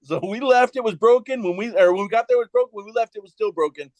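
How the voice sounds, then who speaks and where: A man in casual chat, telling a deployment anecdote in a relaxed way and chuckling often. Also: high-pitched, fast, no echo, rough recording. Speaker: veteran, panel member.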